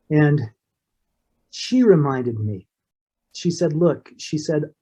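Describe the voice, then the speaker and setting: A middle-aged man, a guest in an interview, telling a personal story in an earnest, emotional way with halting restarts. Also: a little high, dark tone.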